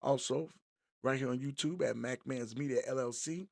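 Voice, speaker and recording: A man's voice: medium pitch, moderate pace, vocal fry, no room sound, studio quality. A middle-aged man hosting a live-streamed podcast, opening the show in an upbeat, chatty way and greeting viewers by name. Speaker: podcast host.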